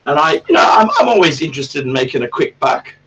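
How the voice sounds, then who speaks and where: A man's voice: a little high, animated, fast, fairly bright tone, breathy edge, distant mic, low-quality recording. A man hosting a casual livestream chat, rambling and swearing a lot in a crude way. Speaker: livestream host.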